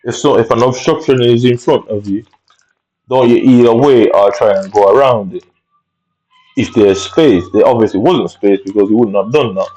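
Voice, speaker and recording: A man's voice: fairly low pitch, moderate pace, mellow, dull audio. Heated man ranting. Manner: heated, rambling, profane, repeats tag questions. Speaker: vlogger. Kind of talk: angry personal storytelling.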